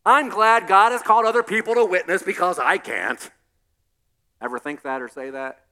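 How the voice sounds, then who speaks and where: A male pastor preaching a sermon in an animated way, acting out scenes with humor. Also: high voice, normal speed.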